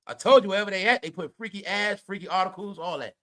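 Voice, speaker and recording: A man's voice: high voice, quick pace, few pauses, a bit bright. A man hosting a commentary video, ranting animatedly at viewers in a profane, conspiratorial way. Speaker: commentary show host.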